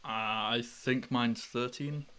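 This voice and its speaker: A man's voice: mid-range voice, steady tone, slow, pushed and bright. A man playing a tabletop game, talking hesitantly with stammers and restarts. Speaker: player.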